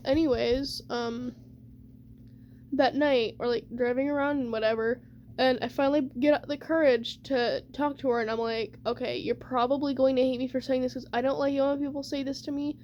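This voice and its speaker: A woman's voice: high-pitched, steady tone, moderate pace, a little mellow, a little hiss or hum. A young woman telling a personal story in a rambling, chatty way, full of fillers like "like" and "whatever". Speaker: vlogger. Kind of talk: casual storytime.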